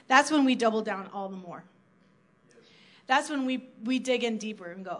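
At a moderate pace and in a slightly high, fairly bright voice, a church speaker from South Dakota gives her congregation an earnest, conversational sermon. She dramatizes her own inner monologue with acted-out quotes.

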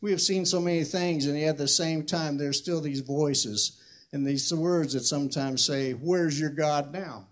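An older man in his sixties preaching as a pastor, reading scripture slowly and loudly, then talking fast and conversational. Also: fairly high pitch, steady tone. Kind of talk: sermon.

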